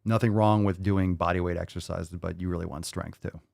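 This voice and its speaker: A man's voice: low voice, fairly even intonation, brisk, vocal fry, darkish tone, no echo, studio quality. A man hosting a live podcast Q&A, answering viewer questions in a blunt, joking and profane way. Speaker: podcast host. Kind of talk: live Q&A chat.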